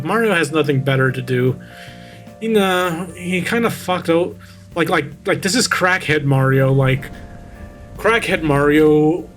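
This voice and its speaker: Sarcastic man mocking a creepypasta. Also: fairly high pitch. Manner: sarcastic, mocking, swears casually. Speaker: vtuber reading a creepypasta. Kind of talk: story reading with mocking commentary.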